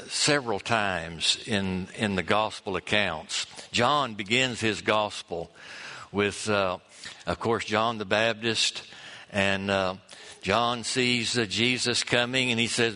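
A man delivers a sermon in an unhurried, deliberate way, letting his words land one by one. His tone is bright and forceful, and he acts out the lines he quotes with lively expression. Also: lowish voice. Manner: expressive preaching, acts out quotes, pauses and chuckles. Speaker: pastor.

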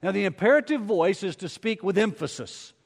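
A man's voice: high voice, lively intonation, fairly quick, vocal fry. A middle-aged man, preaching a sermon in a folksy, rambling, self-deprecating way, recorded in a church sanctuary. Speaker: pastor. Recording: long reverb of a church hall.

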